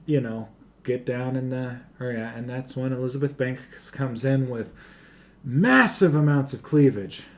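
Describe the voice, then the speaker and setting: A man's voice: medium pitch, measured pace, a little hiss or hum. A young man co-hosting a movie review podcast, chatting loosely and jokingly while retelling the plot. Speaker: podcast co-host. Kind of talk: casual movie review chat.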